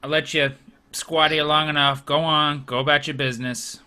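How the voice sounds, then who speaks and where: An man voicing a gruff old male druid hermit in a tabletop game, speaking in a dry, curt way. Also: on the high side, flat delivery, normal speed, sharp tone.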